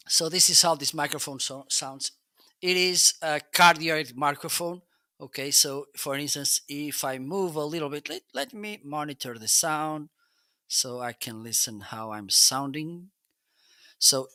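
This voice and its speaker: A man hosts a relaxed product review livestream, chatting and often checking in with "okay?". His voice is very bright and forward. It is recorded dry and close on a studio microphone. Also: a little high, measured pace, dry recording. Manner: chatty, repeats "okay?", frequent restarts. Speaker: live-stream product reviewer. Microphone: close dynamic studio mic.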